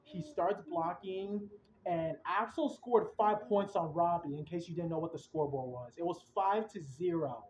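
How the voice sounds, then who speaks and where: A young man hosting a podcast, excitedly retelling events in a rambling, casual way with slang. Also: fairly high pitch, normal speed, a little hiss or hum. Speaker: podcast host. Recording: roomy, dull lo-fi sound.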